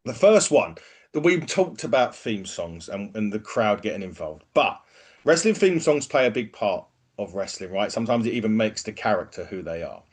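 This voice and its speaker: Relaxed male podcast host asking questions. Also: on the low side, normal speed, breathy edge. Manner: relaxed, reads questions from a list. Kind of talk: casual podcast chat.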